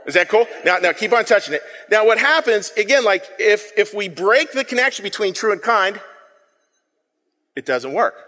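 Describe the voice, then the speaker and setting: Playful preacher in a reverberant hall. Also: male voice, sits high, normal speed. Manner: playful, self-deprecating, animated with the congregation. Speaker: pastor. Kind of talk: interactive sermon with audience call-and-response. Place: church sanctuary.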